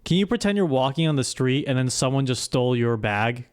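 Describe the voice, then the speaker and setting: A man streaming live, giving halting, hesitant instructions full of fillers. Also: medium pitch, expressive, smooth. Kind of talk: casual live-stream chat.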